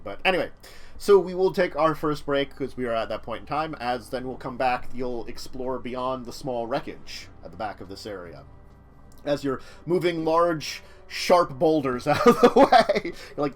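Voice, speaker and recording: A man's voice: fairly high pitch, lively intonation, moderate pace. A man running a tabletop game as dungeon master, chatty and playful, laughing often.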